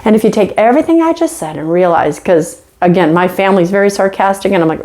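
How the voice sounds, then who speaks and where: Animated woman teaching in a chatty lecture. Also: medium pitch, fast, few pauses. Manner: animated, chatty, self-mocking asides. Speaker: college instructor. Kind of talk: conversational lecture video.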